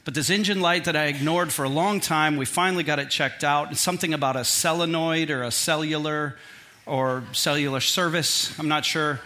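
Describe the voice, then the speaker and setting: A middle-aged male pastor preaching a sermon, telling a personal story in an animated, self-deprecating, humorous way. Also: a little high, moderate pace, slight background noise.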